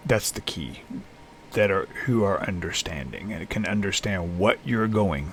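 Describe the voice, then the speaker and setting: A man talking unscripted to camera alone in a small room, tired and halting, with many restarts and fillers. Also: low-pitched, animated, fairly bright tone, slight background noise. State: lethargic, tired. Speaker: vlogger in recovery. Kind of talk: unscripted personal vlog. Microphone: camera facing speaker.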